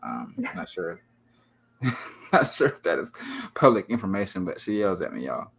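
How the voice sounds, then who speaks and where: A man hosting a casual livestream chat in a low, gravelly, husky voice. He talks slowly but swings his pitch a lot, playfully teasing and putting on mock drama. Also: sing-song, a bit bright. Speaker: livestream talk show host.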